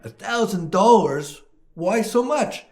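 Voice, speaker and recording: Man playing a shocked shopper, voice shoots up high, incredulous. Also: lively intonation, slow, a little mellow, full character voice. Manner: incredulous, raised exclamations. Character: astonished male customer in a pet store.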